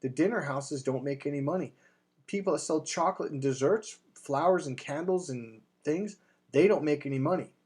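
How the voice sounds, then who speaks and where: A man's voice: on the high side, moderate pace, a little mellow, slightly rough. A man talking as a dating coach, delivering an emphatic, blunt sales monologue with casual swearing. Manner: acts out quoted voices in anecdotes.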